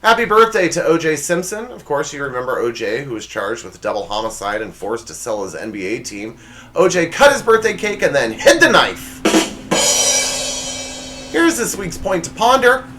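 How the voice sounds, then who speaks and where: Comedy host, male, lively pitch, bit high, noisy home recording. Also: moderate pace, soft background music. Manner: jokey, reads punchlines with big pitch swings. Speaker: show host. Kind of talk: comedy monologue.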